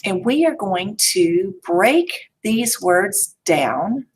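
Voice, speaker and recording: A woman teacher leading a young children's phonics lesson, sounding out words slowly and playfully. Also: medium pitch, sing-song, a little hiss or hum. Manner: slow, exaggerated sounding-out with playful reveals. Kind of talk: early-grade phonics lesson.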